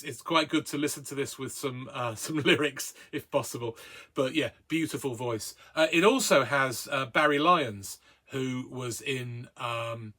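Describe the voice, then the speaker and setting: A man talks through his record collection in a loose, rambling way, full of ums and uhs. His voice is bright and forward, pitched in a middling range. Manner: hesitant, many ums and uhs, chatty. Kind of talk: casual record review.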